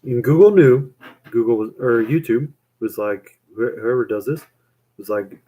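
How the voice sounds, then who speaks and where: A man's voice: medium pitch, lively intonation, measured pace, warm tone. A young man chatting on a live stream, rambling with lots of fillers and casual swearing.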